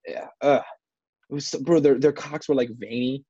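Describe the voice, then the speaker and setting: A man's voice: medium pitch, normal speed, warm tone, slightly rough, dry recording, lo-fi sound. A man in his twenties co-hosting a podcast, rambling through crude stories, swearing and saying "bro" and "like" a lot. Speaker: podcast co-host. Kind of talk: casual crude podcast banter.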